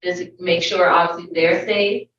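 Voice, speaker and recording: Bright-voiced chatty woman teacher. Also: fairly low pitch, level tone, a little slow. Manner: chatty, acts out little scenes and quotes. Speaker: toddler teacher. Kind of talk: panel discussion answers. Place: school event room. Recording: echoey room from far off, dull lo-fi, faint hiss.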